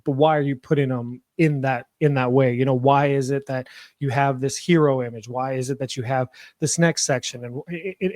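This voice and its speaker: A man answers interview questions in a relaxed, meandering way and keeps reaching for filler words. His pitch is middling and the sound is dry and close. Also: no room sound. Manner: rambling, heavy on fillers like "you know". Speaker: podcast guest, web designer.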